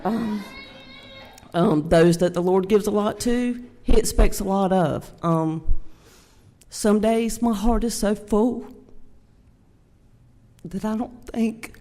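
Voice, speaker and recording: An older woman with a Southern US accent giving a halting, heartfelt Mother's Day talk at a church microphone, near tears. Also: mid-range voice, dark tone. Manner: halting, heartfelt, many fillers. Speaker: church speaker. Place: church sanctuary. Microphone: handheld microphone. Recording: long church hall reverb.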